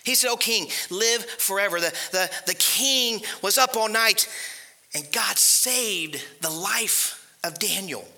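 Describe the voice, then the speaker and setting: Bright, lively male pastor preaching. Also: high-pitched, slow pace. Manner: animated, conversational preaching with rhetorical questions. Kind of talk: sermon.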